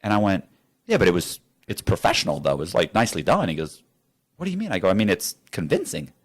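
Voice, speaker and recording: A man's voice: low-pitched, huge pitch swings, fast. A man telling a story as an interview guest in a studio, acting out both sides of the conversations.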